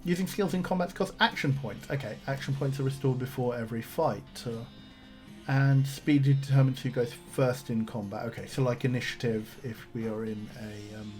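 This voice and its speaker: A man's voice: mid-range voice, normal speed, darkish tone, faint music behind. Chatty man playing a game. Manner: chatty, reads on-screen text aloud with asides. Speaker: streamer playing a video game. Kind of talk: casual game let's-play commentary.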